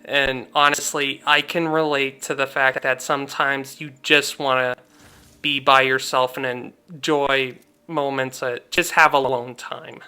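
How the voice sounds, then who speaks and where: A man's voice: mid-range voice, pushed and bright, clean tone. A young man hosting a gaming channel, chatting casually and heartfelt over gameplay, rambling with many fillers.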